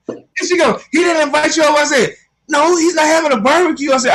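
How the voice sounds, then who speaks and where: A man's voice: extremely high pitch, fast, low-quality recording. A man co-hosting a casual podcast, telling a funny story with lots of laughter. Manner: animated storyteller, laughs often. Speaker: co-host.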